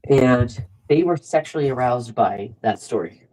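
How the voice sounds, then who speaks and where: A woman's voice: very deep voice, lively intonation, unhurried, dark tone, low-quality recording. Blunt, swearing woman in casual chat. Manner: blunt, swears freely, acts out quotes.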